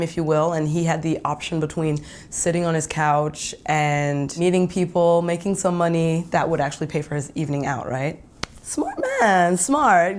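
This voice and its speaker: A young woman hosting a podcast, telling a first-person story in an animated, giggly way and laughing often. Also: on the low side. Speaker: podcast host.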